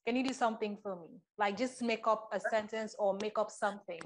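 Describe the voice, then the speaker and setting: A woman's voice: medium pitch, steady tone, a little fast, slight background noise. A woman interviewing a reality show applicant, asking friendly, probing questions. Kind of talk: audition interview.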